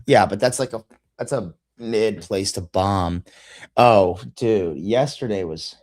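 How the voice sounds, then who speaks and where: A man's voice: lowish voice, takes it slowly, a little mellow, no echo, clean studio sound. A man hosting a podcast, telling crude stories in casual chat and laughing at his own jokes. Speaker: podcast host.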